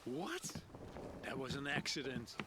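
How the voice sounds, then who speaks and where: An actor playing a startled Danish sailor who protests that a death was an accident. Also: male voice, mid-range voice, sing-song, unhurried. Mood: bewildered. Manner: bewildered, protesting. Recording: noisy game audio.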